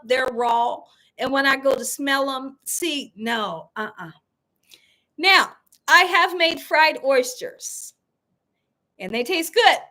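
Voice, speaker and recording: Hosting a cooking livestream, this woman speaks in a high, sharp voice while reading viewer comments aloud and chatting easily. Frequent laughter runs through her emphatic, playful delivery.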